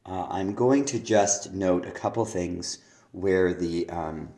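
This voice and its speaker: A male teacher giving recorded feedback on a student's poetry assignment, halting with many fillers and restarts, reading verse lines aloud. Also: low-pitched, mellow. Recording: echoey room.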